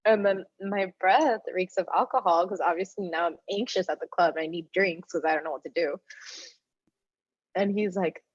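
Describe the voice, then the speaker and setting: A young woman telling the story of her life in casual talk, animated, with a lot of "like", and she acts out the other people. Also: lowish voice, moderate pace, breathy edge, no echo, muffled recording.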